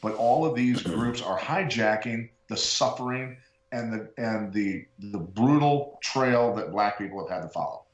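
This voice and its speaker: A man's voice: on the low side, measured pace, roomy sound. A middle-aged man co-hosting a podcast, talking in an earnest, worked-up way in casual chat. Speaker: podcast co-host.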